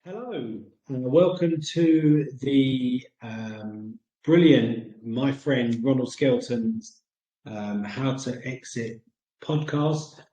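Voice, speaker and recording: A man's voice: medium pitch, very slow, mellow, reverberant, low-quality recording. A man with a British accent hosting a casual chat segment, rambling with many ums and uhs. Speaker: segment host.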